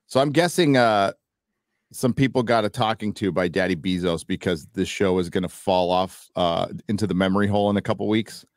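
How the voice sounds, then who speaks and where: A man's voice: low voice, a little fast, no echo, studio quality. A man hosting a casual online panel show, rambling and swearing as he vents. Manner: rambling, profane, animated. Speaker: podcast host.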